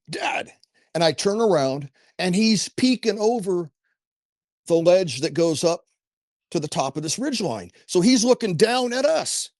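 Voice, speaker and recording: A man's voice: on the high side, dry recording, clean studio sound. A middle-aged man telling a personal story as a podcast guest, earnest and rambling, with restarts and asides. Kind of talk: casual first-person storytelling.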